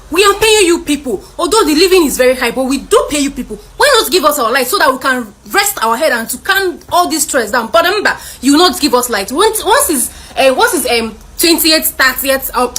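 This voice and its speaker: A woman's voice: high voice, a bit bright. A young woman with a Nigerian accent, a student ranting to camera in exasperated rhetorical questions. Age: young adult. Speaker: university student. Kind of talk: selfie rant video.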